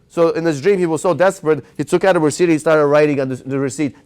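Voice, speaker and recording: Fast-talking, high-voiced rabbi telling a story. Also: male voice, clean tone. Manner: animated storyteller who quizzes his audience. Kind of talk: storytelling Torah class.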